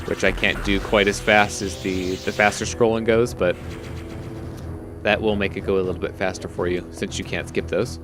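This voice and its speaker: A young man giving casual, relaxed gameplay commentary, rambling with many fillers. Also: lowish voice. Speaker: let's play commentator.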